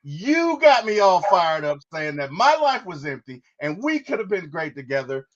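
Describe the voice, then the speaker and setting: A bitter young man, as read by a podcaster, hurls heated accusations with a lively, rising and falling pitch. The sound is dull and lo-fi. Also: moderate pace, close to an everyday voice. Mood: accusing.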